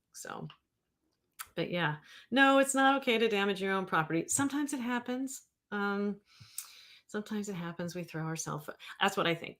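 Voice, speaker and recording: A woman's voice: mid-range voice, a bit bright. A woman in her fifties, a therapist hosting a livestream, talking casually and rambling as she reads viewer comments aloud. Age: 50s.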